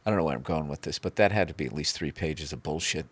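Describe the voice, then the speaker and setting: A man's voice: rumbling low, quick pace, slightly rough. A man hosting a podcast, ranting sarcastically with lots of swearing. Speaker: podcast host. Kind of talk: comedic rant.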